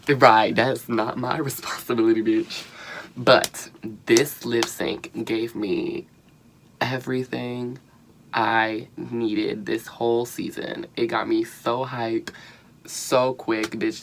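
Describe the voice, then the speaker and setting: A young man giving a casual spoken review of a show, animated and profane, full of slang and bursts of laughter. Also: mid-range voice, a little hiss or hum. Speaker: vlogger reviewing a reality show.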